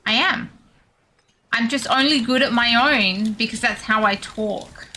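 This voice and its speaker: A young Australian woman chatting casually with her viewers while streaming a game, self-deprecating and quick to laugh. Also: fairly high pitch, bright, forceful tone, slight background noise. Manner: chatty, self-deprecating, laughs often, reads chat aloud. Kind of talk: casual gaming stream chat.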